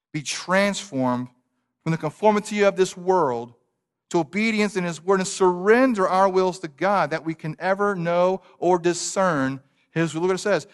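A pastor preaching a sermon, swelling into emphatic peaks and dropping to hushed, drawn-out phrases. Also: male voice, sits high, clean tone. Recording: long hall reverb.

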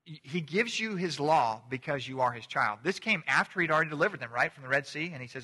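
A man's voice: a little high, expressive, quick pace, few pauses, pushed and bright. A man preaching a sermon as a pastor, in a conversational manner, often restarting and repeating words. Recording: long hall reverb.

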